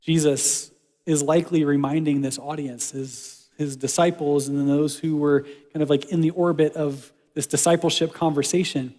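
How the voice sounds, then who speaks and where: A man preaching a conversational sermon as pastor, lively and casual, dropping to soft quiet lines when quoting God. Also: a little high, moderate pace. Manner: conversational, animated, drops to soft quiet lines for God's words. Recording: church hall with long reverb.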